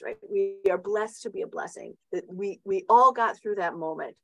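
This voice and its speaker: A woman's voice: fairly low pitch, normal speed, gravelly, hardly any pauses, fairly bright tone, dry recording, rough recording. A middle-aged woman hosting a motivational talk, chatty, with many restarts and tag questions. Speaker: host.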